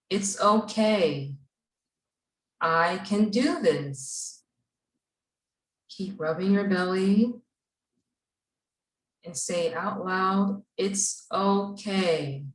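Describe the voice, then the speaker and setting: A woman instructor walks a group of kids through a calm breathing exercise, speaking slowly and gently. Her voice sits a little low and comes from a distance, with plenty of room echo around it. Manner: slow, gentle, soothing guidance. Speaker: camp instructor leading children. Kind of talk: guided breathing and mindfulness exercise. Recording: echoey room, voice from far off.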